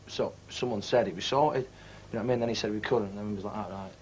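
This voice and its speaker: A man's voice: lowish voice, steady tone, very fast, a little mellow, a little hiss or hum, low-quality recording. A man being interviewed as a musician, bantering in a cocky, slangy way and cutting in on others. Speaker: musician guest. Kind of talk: casual interview chat.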